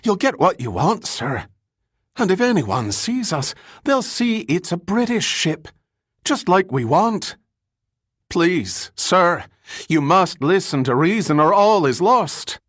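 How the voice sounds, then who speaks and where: A frightened first mate on a storybook submarine, shouting and pleading in a voice pitched well above normal, as a male narrator puts him on. He sounds loud and strained, close and dry. His panic never quite leaves him. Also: big pitch swings, slow pace, no room sound, exaggerated voice.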